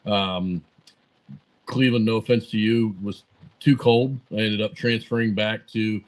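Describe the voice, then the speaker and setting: A man in his forties with a low, fairly flat voice, talking as a podcast guest. He rambles through anecdotes, full of "uh" and "um", and acts out both sides of old conversations. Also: measured pace, low-quality recording. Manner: rambling anecdotes full of fillers and quoted dialogue. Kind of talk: casual storytelling interview.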